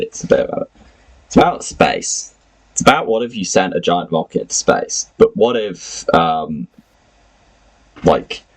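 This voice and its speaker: A man's voice: low voice, gravelly, low-quality recording. A man hosting a podcast, casually recapping a tabletop game with friends, rambling with lots of fillers and frequent laughter. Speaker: podcast host and game master.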